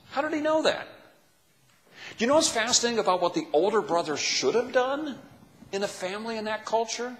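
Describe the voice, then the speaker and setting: A man's voice: high voice, lively intonation, a little fast, fairly bright tone. A man preaching a sermon as a pastor, asking the listeners question after question. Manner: asks the listeners many questions. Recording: long hall reverb.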